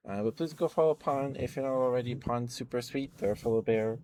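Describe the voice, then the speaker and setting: A tired, worn-out man rambling softly and chuckling often, chatting sleepily to his stream viewers up close to the mic. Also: mid-range voice, a little fast, a little hiss or hum. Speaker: ASMR streamer. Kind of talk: sleepy ASMR chat to live viewers.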